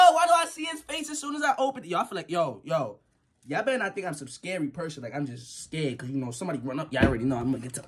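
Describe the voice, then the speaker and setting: A man's voice: on the high side, a little hiss or hum. Nervous jumpy young man vlogging. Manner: nervous, jumpy, rambling, slangy, yelps and laughs. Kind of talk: casual vlog talk to viewers.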